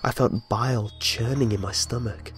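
A man's voice: mid-range voice, steady tone, normal speed, slightly rough. A man telling a first-person horror story with tense, dramatic narration. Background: faint music.

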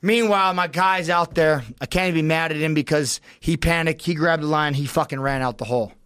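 A man's voice: fairly high pitch, fairly quick, a bit bright, clean tone, no echo, studio quality. A man, a podcast guest with a young child, tells a tense story in a blunt, profane, urgent way, his voice shooting up at the peaks. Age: adult with a young child. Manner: profane, urgent and emphatic, voice rising sharply at peaks. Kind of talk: intense storytelling in a long-form podcast.

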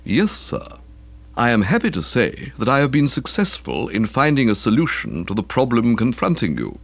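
Unflappable, formal valet in a storybook reading, measured and deferential, husky voice, read by a man. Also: huge pitch swings. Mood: calm. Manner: measured, deferential, ends low. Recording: slightly dull lo-fi recording.

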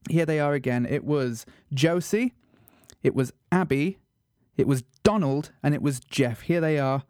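A man's voice: fairly high pitch, a little slow, clear, resonant tone, no room sound, clean studio sound. Self-mocking male radio host. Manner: self-mocking, mock-serious, animated. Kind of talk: comedic radio monologue.

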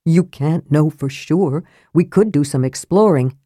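A woman's voice: sits low, unhurried, warm tone, no room sound, clean studio sound. A woman voicing a blunt young warrior in an audiobook reading, grumbling and casual in his speech. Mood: gruff. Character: gruff, worried big young warrior.

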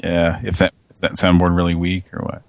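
A man's voice: low-pitched, monotone, a little fast, dry recording. A man hosting a prank call show, chatting casually in a loose, rambling way. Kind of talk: casual late-night chat.

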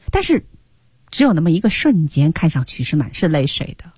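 A woman teaching English on radio, explaining slowly and stretching key words. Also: low-pitched, sing-song, darkish tone, breathy edge, dry recording, studio quality. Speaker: language teacher.

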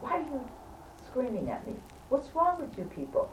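A man's voice: very high voice, wildly swooping pitch, moderate pace, voice pushed up, heavily acted. A woman acting out a defensive male truck driver who answers in an indignant, raised voice. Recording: roomy, distant, faint background hum.

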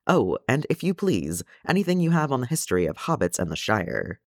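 A man's voice: medium pitch, sing-song, fairly quick, no echo, clean studio sound, pitched above the performer's own voice. A man voicing a polite, eager, bookish young male dwarf.

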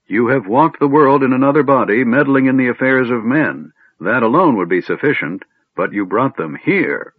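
Doddering old wizard, stern then scatterbrained, read by a man, husky, narrow audio. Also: fairly low pitch, big pitch swings, normal speed, dry recording. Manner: shifts from stern to absent-minded and chatty. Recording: narrow phone-like sound.

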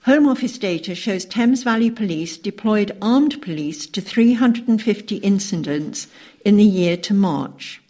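A woman reads a local news bulletin in a measured, even manner. Her voice sits at an ordinary pitch.

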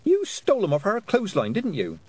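A man's voice: high voice, wildly swooping pitch, a little fast, slightly rough, no room sound, voice pushed up, heavily acted. A man voicing a sensible, plain-spoken farm girl who sounds weary and matter-of-fact.

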